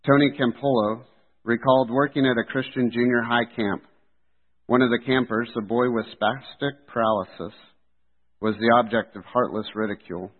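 A man preaching a sermon in an earnest, steady delivery. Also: medium pitch, normal speed, slightly rough. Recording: tinny phone-like sound.

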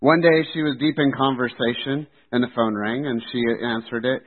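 A man delivers a sermon with earnest, steady conviction. His voice sits at an ordinary middle pitch. The recording is thin and tinny, like a phone line. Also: moderate pace. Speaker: preacher.

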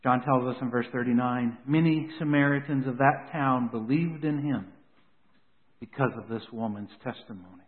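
A man's voice: mid-range voice, normal speed. A man preaching a sermon with dramatic rises and drops for emphasis. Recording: tinny phone-like sound with long hall reverb.

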